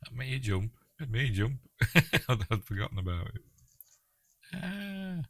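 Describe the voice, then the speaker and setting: A man with a Yorkshire accent talks through a film in a casual, chatty commentary, laughing easily and stumbling over his words. His voice sits very low, and the sound is dry with no room around it. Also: fairly quick, husky, dry recording.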